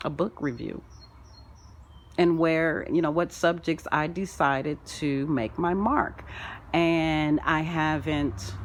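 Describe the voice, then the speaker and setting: A woman with a lowish voice talks slowly through a free-flowing spiritual monologue. She plays with words and rhymes, swinging between loud proclamations and murmured asides. Faint crickets and insects chirp behind her outdoors. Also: slight background noise. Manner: wordplay, sing-song, drifts between loud declarations and soft asides. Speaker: spiritual self-help vlogger. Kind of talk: rambling spoken-word monologue.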